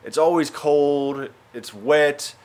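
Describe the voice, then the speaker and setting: Chatty comedian vlogging. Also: male voice, a little high, slow. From Arkansas, USA. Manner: chatty, animated storytelling with filler words. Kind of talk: casual vlog narration.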